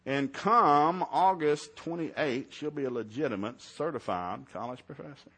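A man's voice: a little high, a little slow, slightly rough. A middle-aged man, preaching a sermon in a folksy storytelling way. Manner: folksy storytelling, swings to loud shouted preaching. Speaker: pastor.

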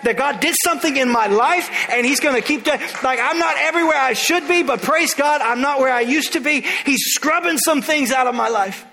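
A man's voice: very high-pitched, fairly quick, few pauses, bright, forceful tone, in a large hall. A man preaching a sermon in church, energetically calling out to the congregation. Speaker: pastor.

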